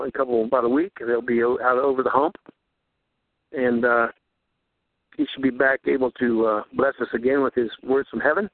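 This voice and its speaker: A man hosting a radio show, preaching in a fervent, repetitive ramble and rising high on rhetorical questions. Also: no echo. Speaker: radio host. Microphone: handheld recorder. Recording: tinny phone-like radio audio.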